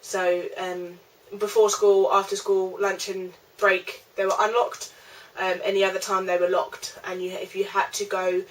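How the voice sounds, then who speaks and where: A woman's voice: medium pitch, flat delivery, measured pace, recorded from a distance, low-quality recording. A young woman telling a rambling storytime vlog, chatty, with lots of fillers. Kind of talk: casual storytime.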